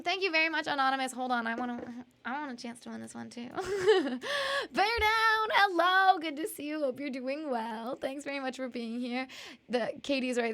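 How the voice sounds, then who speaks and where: A woman's voice: high-pitched, pushed and bright. A young woman streaming live, chatting casually and rambling, laughing often as she reads out chat messages. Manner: bubbly, giggly, rambling, reads chat aloud.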